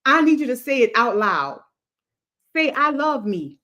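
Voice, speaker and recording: A woman's voice: a little high, big pitch swings, a little slow, sharp tone. Emphatic woman hosting a live stream. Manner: emphatic, repetitive, preacher-like cadence. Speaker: livestream host. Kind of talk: motivational livestream talk.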